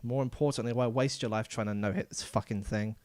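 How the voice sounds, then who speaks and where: A man's voice: medium pitch, fairly even intonation, fairly quick, darkish tone, soft background music. A man streaming a game live, chatting casually and rambling, laughing often as he talks. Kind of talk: casual live gameplay commentary.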